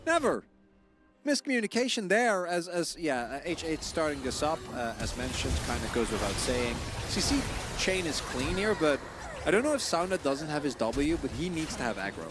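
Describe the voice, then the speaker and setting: A man's voice: on the high side, sing-song. A man giving casual, analytical color commentary on an esports match, with game music underneath. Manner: analytical, casual, quick to explain. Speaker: esports caster.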